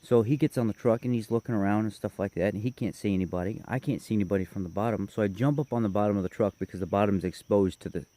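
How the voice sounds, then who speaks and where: A man's voice: fairly low pitch, fast, few pauses, warm tone. A man casually telling a long personal story, rambling and correcting himself as he goes. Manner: rambling, self-correcting, detailed.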